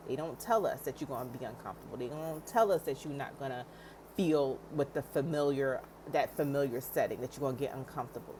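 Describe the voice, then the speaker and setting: A woman's voice: low voice, darkish tone, a little hiss or hum. A woman coaching new business owners in a direct, encouraging vlog style, acting out inner doubts and laughing often. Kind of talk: motivational vlog talk.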